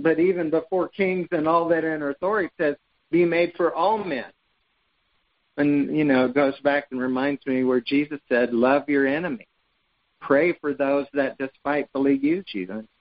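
Slightly high-voiced man teaching the Bible. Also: dull audio. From United States. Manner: conversational, reads scripture aloud with frequent restarts. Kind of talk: informal Bible study teaching.

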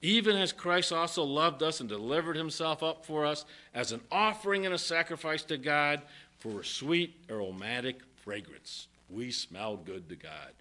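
A man's voice: on the high side, animated, moderate pace, sharp tone. An older man preaching a sermon, reading verses and joking as he goes. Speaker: pastor.

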